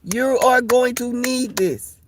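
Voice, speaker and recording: A woman's voice: a little high, slow pace, background noise. A woman leading an informal Bible study, repetitive and playful, laughing often as she preaches.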